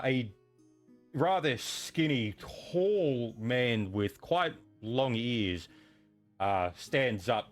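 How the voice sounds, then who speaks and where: A man running a tabletop game as game master, narrating casually with lots of fillers. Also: medium pitch.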